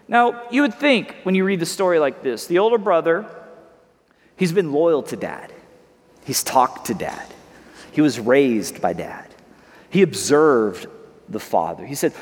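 High-voiced man preaching in a hall. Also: lively intonation, unhurried, pauses often. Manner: conversational preaching with frequent word repeats. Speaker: pastor. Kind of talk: sermon. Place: church hall with congregation. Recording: long hall reverb.

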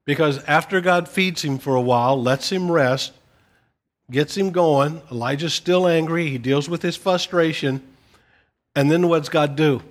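A man, a pastor, preaching a gentle, conversational sermon with casual asides to his listeners. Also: a little high, unhurried, long pauses.

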